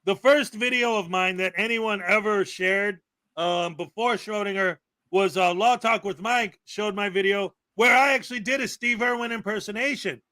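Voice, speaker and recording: A man's voice: high voice, normal speed, pushed and bright, dry recording. A man hosting a casual livestream commentary show, chatty, with frequent fillers and laughs. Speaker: livestream host.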